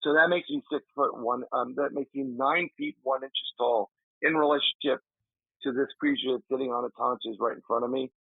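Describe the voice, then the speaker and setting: A man, a paranormal investigator, telling an animated story in a casual interview, acting out his friend's shouts. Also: medium pitch, normal speed, dry recording. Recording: dry tinny remote call audio.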